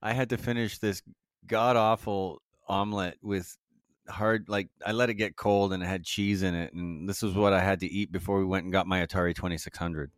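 A man's voice: low-pitched, fairly even intonation, a little fast, no echo, studio quality. A man, co-hosting a casual gaming podcast in an easygoing way and prompting his partner with questions. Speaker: podcast co-host.

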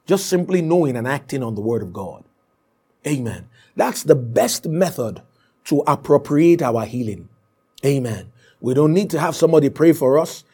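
Gravelly, lively male preacher. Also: mid-range voice. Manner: emphatic, repeats points, punctuates with "Amen". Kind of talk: sermon.

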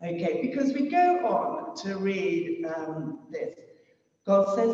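Male preacher, very high and slow, recorded from afar in a long-reverb hall. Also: sing-song, a little mellow. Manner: conversational, asks the congregation rhetorical questions. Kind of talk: sermon. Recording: distant, roomy, dull long-reverb hall sound.

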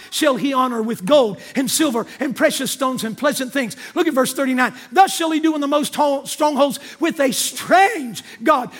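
High-voiced husky older male preacher. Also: fairly bright tone. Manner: emphatic, calls out to congregation; storytelling with quoted dialogue. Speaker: pastor. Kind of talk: sermon.

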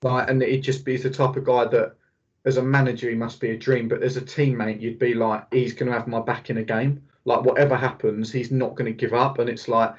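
A man of middle pitch talks excitedly on a football podcast and piles on fillers as he goes. His sound is dull and lo-fi. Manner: enthusiastic, fast, filler-heavy analysis. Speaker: podcast host. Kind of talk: casual football podcast chat.

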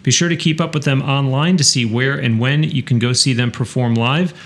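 A man from Western New York hosts a studio podcast interview. He talks in a chatty, rambling way, often restarting his sentences. His voice sits at an ordinary middle pitch. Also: fairly quick. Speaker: podcast host. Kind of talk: casual interview and show announcements.

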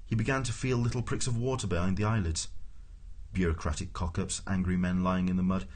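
A man's voice: sits low, steady tone, fairly quick, darkish tone. A man giving a dry, wry scripted audiobook narration.

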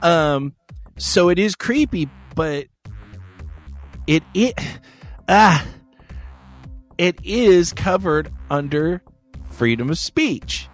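A man's voice: a little high, expressive, extremely slow, long pauses. A man with a slightly raised voice spins a long, swear-filled story for his podcast. He rambles and backtracks but stays wry, and faint music sits under his talk. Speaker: podcast host. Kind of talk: casual storytelling chat.

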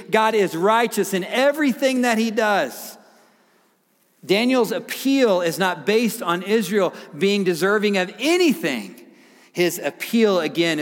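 A fairly high-voiced man preaches in a church, his voice trailing off into a long hall reverb. He reads scripture with sudden swells and drops to near whispers. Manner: dramatic, swings from loud to hushed whispers. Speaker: pastor. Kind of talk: sermon.

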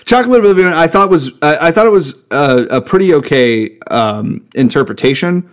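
A man's voice: fairly high pitch, lively intonation, normal speed. A man co-hosting a podcast in casual chat, enthusiastic and swearing freely. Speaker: podcast co-host.

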